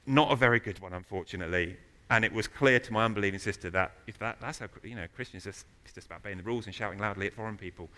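Male preacher, bright forceful voice, lively storytelling sermon. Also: fairly low pitch, racing, hardly any pauses. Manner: storytelling, animated, rises to loud emphasis. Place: church.

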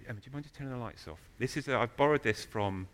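Animated man preaching a sermon. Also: mid-range voice, fast. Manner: storytelling, animated, rises to loud emphasis. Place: church.

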